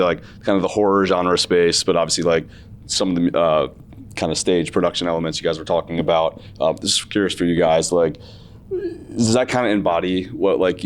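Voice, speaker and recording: A man with a low, deep voice asks questions at a festival interview. His questions wander loosely, padded with casual fillers.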